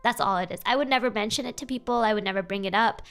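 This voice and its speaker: A young adult woman streaming casual advice chat, animated and playful, jumping up in pitch for emphasis. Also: rapid-fire, clear, resonant tone. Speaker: vtuber streamer giving advice.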